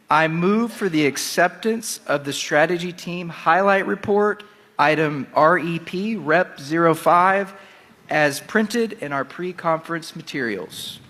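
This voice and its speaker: A man's voice: a little high, a bit bright. A man presenting for a team, formally moving to accept a report at a business session. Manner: formal, procedural. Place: large conference hall. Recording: long reverb of a large conference hall.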